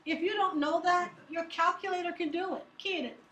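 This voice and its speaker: A woman's voice: very high-pitched, steady tone, moderate pace, fairly bright tone, slight background noise. A woman teaching math to a class, upbeat and teasing, asking students questions as she works through problems. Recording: echoey classroom from far off.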